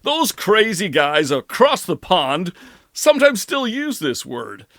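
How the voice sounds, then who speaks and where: A man putting on a booming American radio announcer. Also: very animated, a bit bright, dry recording, clean studio sound, full character voice. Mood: showy. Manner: booming, drawn-out quiz-show delivery.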